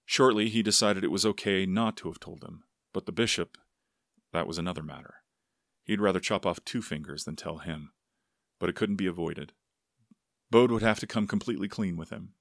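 A man narrating a story aloud in a steady, unhurried manner. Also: low voice, gravelly, no echo, clean studio sound. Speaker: audiobook narrator. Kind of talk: scripted narration.

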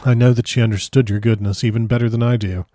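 A man voicing a grieving young nobleman, husky and choked with grief, in an audiobook reading. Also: medium pitch, steady tone, fast talker, mellow, dry recording, clean studio sound, natural voice. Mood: earnest.

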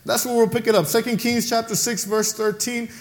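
A male pastor delivering a sermon, emphatic and rising to shouts on key phrases, with casual asides to the congregation. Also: very high voice, little pitch movement, a little fast.

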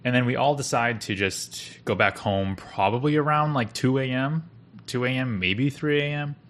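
A man's voice: mid-range voice, normal speed, fairly bright tone. A young man co-hosting a podcast, telling stories casually and rambling with lots of fillers and restarts. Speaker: podcast co-host. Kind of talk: casual storytelling chat.

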